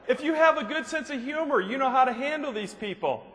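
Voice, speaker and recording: A man with a very high voice speaks fairly quickly while giving a humorous motivational speech in a large hall. He's an animated storyteller, telling jokes and stories to a live audience, and the recording has long hall reverb and faint noise.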